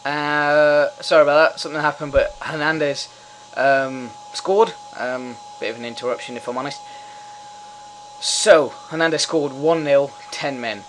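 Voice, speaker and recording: A man's voice: fairly high pitch, normal speed, a little hiss or hum, rough recording. A young man giving casual live commentary over a football management game, swearing freely and cheering when his team scores. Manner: excitable, swears often, cheers at goals. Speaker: gamer doing live commentary.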